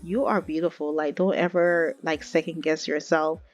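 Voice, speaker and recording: A woman's voice: deep voice, steady tone, normal speed, soft background music, natural voice. A woman voicing an easygoing, kind young man who talks in a laid-back, reassuring, slangy way.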